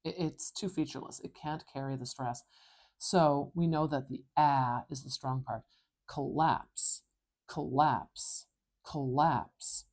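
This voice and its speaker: A woman teaching pronunciation, explaining each sound clearly, precisely and with emphasis. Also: extremely low pitch, moderate pace, darkish tone. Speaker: phonetics teacher. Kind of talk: tutorial lesson.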